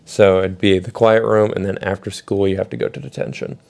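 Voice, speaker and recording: A young man telling a casual storytime vlog, swearing a lot and acting out quotes loudly. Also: low voice, a little fast, vocal fry. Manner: animated, swearing, acts out quotes in raised voice.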